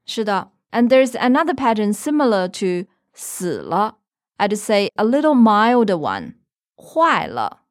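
In a Beijing studio, a woman with a mid-range, sing-song voice teaches on a language lesson podcast. She speaks unhurriedly, patiently explaining points and offering example sentences.

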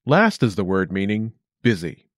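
A man presents a short language lesson from a script, his delivery clear and upbeat with lively pitch swings across each phrase. He speaks at a moderate pace, and the recording is close and dry, without room sound.

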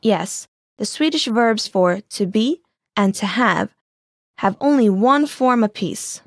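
Patient woman teacher, clear explanations. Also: medium pitch, animated, slow pace, dry recording, clean studio sound. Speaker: language teacher. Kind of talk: scripted lesson dialogue.

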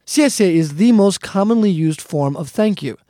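A man's voice: sits high, expressive, normal speed, mellow, dry recording, studio quality. A man teaching a casual language lesson, friendly and repetitive, often calling the listeners "guys". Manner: friendly, repeats points, calls listeners "guys".

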